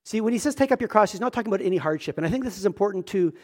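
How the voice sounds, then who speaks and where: A man's voice: sits high, animated, rapid-fire. A male pastor preaching a sermon in a church, earnest and emphatic, often repeating words as he starts a thought.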